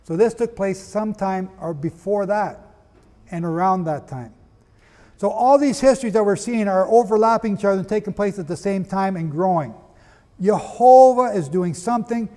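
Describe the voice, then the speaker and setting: A man's voice: high voice, brisk, warm tone. A man teaching a lecture-style sermon, reading quotations aloud and asking the audience questions. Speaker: Bible teacher. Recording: long hall reverb.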